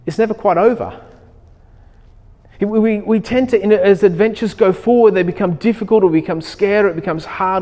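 A man preaching a sermon, telling a personal story in an animated way and acting out his own thoughts. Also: sits high. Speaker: pastor. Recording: long hall reverb.

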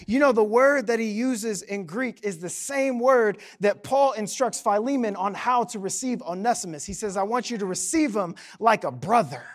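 A male pastor preaching a sermon, animated and quick to joke with the congregation. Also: sits high. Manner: animated, joking asides to the congregation.

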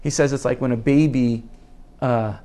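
A man's voice: mid-range voice, fairly even intonation, normal speed, mellow. A man teaching a Torah class in an earnest way, repeating words for emphasis and reading Hebrew quotes aloud before translating them.

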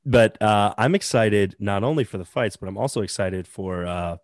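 A man's voice: lowish voice, normal speed, no echo, clean studio sound. A man co-hosting a casual podcast chat, rambling with lots of fillers. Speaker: podcast co-host.

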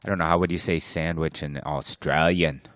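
A man's voice: very deep voice, steady tone, brisk, a bit bright, no room sound, clean studio sound, voice pushed down. A man putting on a goofy Australian bloke, playing with slang. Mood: jokey. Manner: hamming up Aussie slang.

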